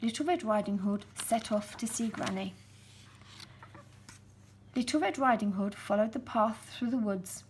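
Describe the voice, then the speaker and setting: A woman gently reading a children's storybook aloud, slow and expressive. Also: fairly high pitch, breathy edge.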